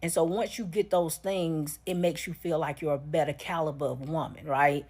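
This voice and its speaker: A woman's voice: low voice, steady tone, moderate pace, a little mellow. A woman giving blunt reaction commentary, lecturing her viewers directly.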